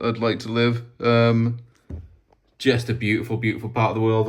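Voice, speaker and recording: Rambling man, chatty vlogger. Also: on the low side. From Wales. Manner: rambling, self-deprecating, chatty with many ums. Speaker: vlogger showing his map collection. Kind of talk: casual rambling show-and-tell.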